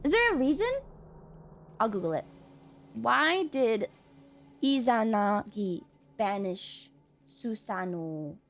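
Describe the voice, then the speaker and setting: A woman streaming and chatting casually with her viewers. She swears, laughs often and yells at chat. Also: fairly high pitch, big pitch swings, slow, pauses often, soft background music.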